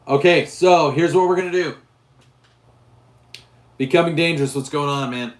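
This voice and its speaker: Hoarse, rambling gun-channel host, echoey room. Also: male voice, a little high, normal speed. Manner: rambling, with frequent restarts and fillers. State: hoarse, losing his voice. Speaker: gun channel host reading live chat. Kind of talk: casual livestream chat.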